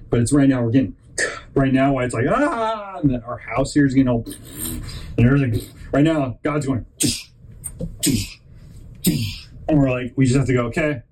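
A man's voice: mid-range voice, slightly rough, low-quality recording. A man hosting a podcast, giving a rambling faith-based motivational talk, often stopping and restarting mid-thought and telling stories with animation. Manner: rambling, halting, self-interrupting; animated storyteller. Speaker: podcast host.

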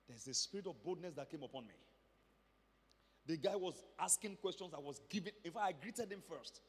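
Animated Nigerian pastor in a reverberant hall. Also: male voice, fairly high pitch, brisk, husky. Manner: animated storyteller acting out dialogue. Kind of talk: sermon testimony.

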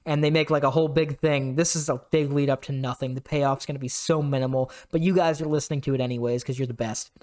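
A young man co-hosting a casual podcast chat, animated and quick to laugh as he tells stories. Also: medium pitch. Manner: animated, laughs often, bursts into shouted announcer impressions. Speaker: podcast co-host.

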